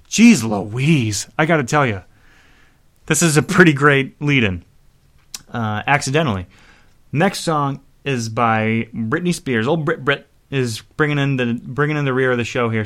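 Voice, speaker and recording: A man's voice: medium pitch, fairly bright tone. Rambling, profane male show host. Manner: rambling, profane and self-mocking. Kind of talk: casual chat introducing songs.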